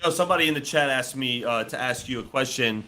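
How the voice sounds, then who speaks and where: A man co-hosting a casual call-in chat, passing on audience questions in a halting, informal way. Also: medium pitch, sharp tone. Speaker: co-host relaying chat questions.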